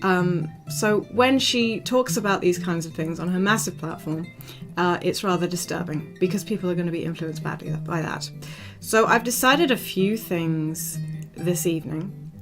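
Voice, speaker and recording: A young woman with a lowish voice talks loosely to her stream chat, filling pauses with ums and little laughs. Quiet guitar music plays underneath her. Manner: rambling, frequent ums, soft laughs, talks to chat by name. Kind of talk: casual livestream chat. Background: soft guitar music.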